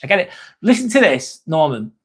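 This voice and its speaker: An English man talks through a relaxed livestream, answering his viewers' comments one by one and calling them by name. He is laid-back and loose, dropping the odd swear word, and his voice sits a little higher than most men's. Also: brisk, breathy edge. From England. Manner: chatty, greets viewers by name, swears casually. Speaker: live streamer.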